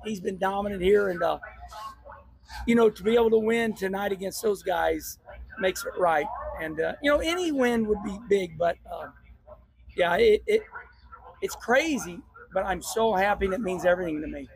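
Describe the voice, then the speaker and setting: An older man, a race car driver, talking emotionally and excitedly after a win, choked up and repeating himself, recorded outdoors at a noisy racetrack. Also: high voice, moderate pace, creaky, breathy edge. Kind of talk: emotional post-race talk and vlog.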